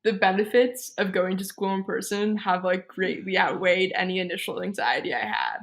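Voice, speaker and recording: A teenage girl, a high school student, talking casually and enthusiastically in an interview, saying "like" a lot. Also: steady tone, normal speed, gravelly. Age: teens. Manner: bubbly, uses "like" a lot.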